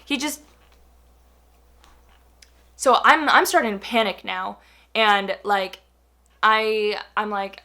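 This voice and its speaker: Bright, animated young woman storyteller. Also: medium pitch, slow, pauses often. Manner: animated, lots of fillers and quoted dialogue. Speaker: YouTuber telling a story. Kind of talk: casual storytime.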